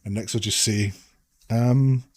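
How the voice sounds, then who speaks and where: A man's voice: fairly low pitch, fairly even intonation, unhurried, a little mellow, no room sound. A man narrating a tabletop game as game master in a casual, rambling way, full of fillers.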